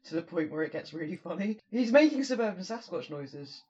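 A man's voice: high-pitched, big pitch swings, a little fast, crowd noise. A man co-hosting a casual film podcast, chatty and full of "like". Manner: chatty, lots of "like". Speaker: podcast co-host. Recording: muffled lo-fi mic.

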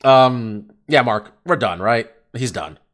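A man's voice: mid-range voice, lively intonation, slow pace, fairly bright tone. A man co-hosting a casual sports podcast, ranting animatedly with lots of swearing and laughter. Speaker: podcast co-host.

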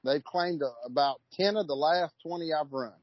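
A man's voice: fairly high pitch, normal speed, no echo. Kentucky-twanged man, folksy storyteller. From Louisville, Kentucky. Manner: relaxed storyteller, folksy, repeats words. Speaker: racehorse trainer. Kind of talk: casual interview chat. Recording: dull lo-fi audio, dry.

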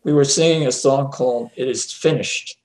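A man chatting as a guest on a talk show, often chuckling and repeating words when he gets excited. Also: mid-range voice, moderate pace. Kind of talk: casual conversation. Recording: roomy echo.

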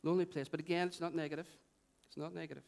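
A Northern Irish man preaching in church, his voice pitched high for a man. He keeps the sermon light, teasing his listeners between passages of scripture. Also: flat delivery, racing, gravelly, a little mellow. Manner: playful, joking with the congregation. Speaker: pastor. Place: church hall.

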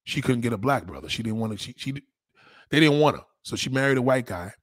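A man in a blunt, crude, rambling monologue, talking fast and casually. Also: medium pitch, animated, no room sound, studio quality.

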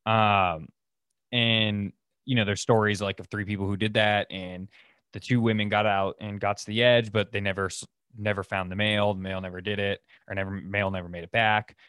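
A man's voice: fairly low pitch, level tone, a little fast, a bit bright, clear, resonant tone, no echo, studio quality. A man hosting a casual solo podcast, rambling through stories with lots of fillers and restarts. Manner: rambling, filler-heavy, loose storytelling. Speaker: podcast host.

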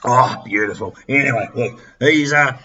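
A man's voice: mid-range voice, moderate pace, sharp tone, distant mic, dull audio, slight background noise, natural voice. A man voicing a crude, boastful older Australian pub bloke with an Australian accent, rambling and swearing through comic radio banter. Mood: rowdy. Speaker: radio host. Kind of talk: comic radio character monologue.

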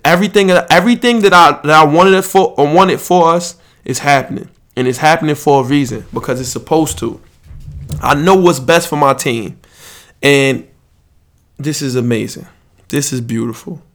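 A man's voice: mid-range voice, fairly bright tone. Profane rambling man with a New York accent. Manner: profane, rambling, restarts often. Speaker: podcast host. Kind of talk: casual sports podcast rant.

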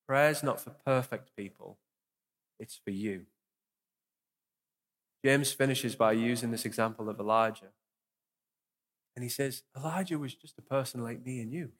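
A man's voice: mid-range voice, normal speed, long pauses, fairly bright tone. A young adult man preaching as a pastor, earnest and encouraging, repeating phrases for emphasis, and leading a closing prayer. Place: church hall. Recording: long reverb of a church hall.

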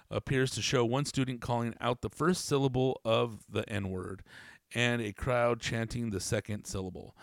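A man's voice: on the low side, vocal fry, no room sound, studio quality. A man hosting a casual talk show, reading a news story aloud with stumbles and breaking off into profane, rambling commentary. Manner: rambling, swears a lot, reads aloud with stumbles. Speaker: podcast host reading news.

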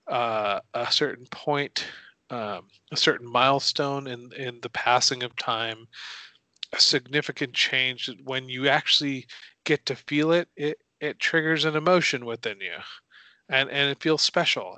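A young man chats as a podcast co-host, musing and playfully wry. His voice is bright and smooth. The sound is dry and close. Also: mid-range voice, dry recording. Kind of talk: casual chat. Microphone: video call.

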